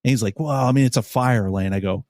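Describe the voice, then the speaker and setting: A man hosting a podcast, telling a story in a casual, animated, profane way and acting out what people said. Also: medium pitch, quick pace, dry recording, studio quality. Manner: animated, profane, acts out quotes. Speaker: podcast host.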